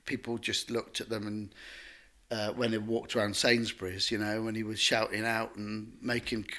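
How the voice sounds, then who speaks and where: A man, a guest telling stories in a lively, rambling way full of restarts. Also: lowish voice, moderate pace. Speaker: guest artist. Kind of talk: conversational storytelling.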